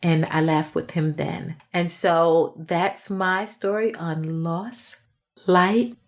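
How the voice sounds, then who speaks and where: A woman's voice: lowish voice, fairly even intonation. A woman hosting a podcast, telling a personal story, laughing often and checking in with her listeners. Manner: laughs often, drawn-out delivery, keeps asking "okay?". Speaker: podcast host.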